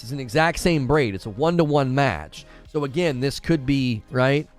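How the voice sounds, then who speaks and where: A man hosting a gaming channel, chatting casually with a live audience in an animated, ranting way and stumbling over hard names. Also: medium pitch. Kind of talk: casual live-stream chat, reading viewer comments.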